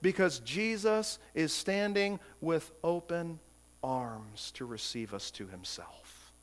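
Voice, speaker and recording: A man's voice: on the high side, sing-song, takes it slowly. A man preaching a sermon as pastor, emphatic and full of rhetorical questions, often repeating words as he goes.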